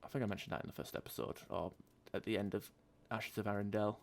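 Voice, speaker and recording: A man's voice: lowish voice, steady tone, fast talker, creaky. A young man hosting a casual game playthrough, chatty and loose, swearing freely and reading item text aloud. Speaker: let's play host. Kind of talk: casual gaming commentary.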